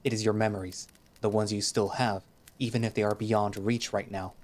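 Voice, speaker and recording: A man's voice: lowish voice, level tone, normal speed, natural voice. A man voicing a stoic male creature warrior who speaks formally, in a visual novel reading. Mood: calm. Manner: formal speech without contractions.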